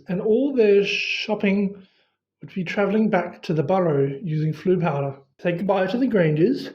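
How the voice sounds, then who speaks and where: Lo-fi storybook reader doing voices. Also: dark tone. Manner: shifts pitch for quoted characters. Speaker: audiobook reader. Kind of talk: storybook reading with character voices.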